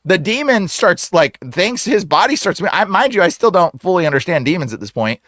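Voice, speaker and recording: Slangy, higher-voiced man telling a story. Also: brisk, dry recording, clean studio sound. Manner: slangy, fills speech with "like" and "bro"; animated, acts out voices in his story. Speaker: exorcist guest. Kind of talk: casual storytelling.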